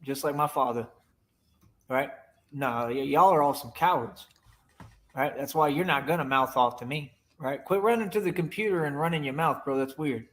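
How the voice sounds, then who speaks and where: Man, boastful, taunting, slightly high voice. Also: moderate pace, fairly bright tone. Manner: boastful, taunting, repeats "right?". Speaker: streamer in a reacted clip. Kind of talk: boastful rant to viewers.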